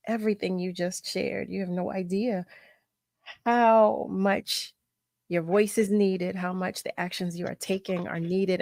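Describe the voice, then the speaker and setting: A woman's voice: medium pitch, a little mellow, no room sound, studio quality. A woman hosting a radio talk show, effusive and emotional, repeating her phrases and laughing often. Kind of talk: emotional interview chat.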